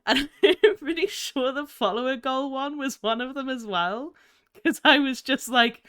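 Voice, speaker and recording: Casting: young woman streamer, bright and crisp, giggly chatter, sounds a bit sleepy. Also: sits high, unhurried. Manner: giggly, chatty, easily distracted. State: tired. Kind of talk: casual live-stream chat.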